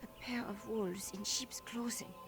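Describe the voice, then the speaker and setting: A woman voicing a frightened female informant in a video game, nervous and defensive, quick to plead. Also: a little high, fairly even intonation, music in the background, lightly acted. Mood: wary recollection. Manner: threatens nervously, then pleads.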